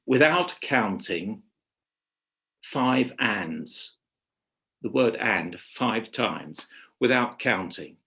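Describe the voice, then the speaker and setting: A man leading a webinar workshop on writing radio drama. He talks in a measured, reflective way and often pauses to rephrase. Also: lowish voice, a bit bright. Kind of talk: webinar lecture. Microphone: video call.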